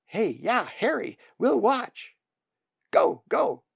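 A man voicing a bunch of squabbling, excited raven nestlings in shrill voices. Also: normal speed, no echo, highs cut off.

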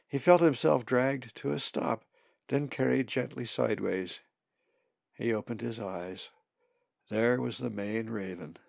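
Male storybook narrator, low gravelly voice, dull dry recording. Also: darkish tone, dry recording. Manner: slow, measured reading.

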